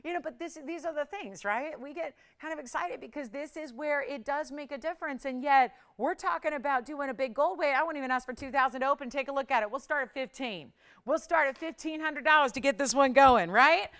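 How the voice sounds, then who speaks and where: A woman's voice: sits high, brisk, fairly bright tone. A middle-aged woman hosting a live jewelry sales show, chatty and upbeat with bursts of laughter. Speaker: shopping channel host.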